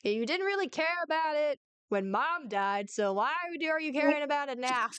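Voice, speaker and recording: A woman's voice: high voice, lively intonation, normal speed, fairly bright tone, a little hiss or hum. A woman voicing a resentful grown child who curtly turns away an absent father. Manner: curt, dismissive.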